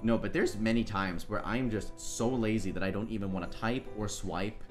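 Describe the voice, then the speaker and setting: A man excitedly telling a funny story in a casual group chat. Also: on the low side, moderate pace, soft background music. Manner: excitable storytelling, laughing retelling. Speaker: guest storyteller. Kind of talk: casual anecdote.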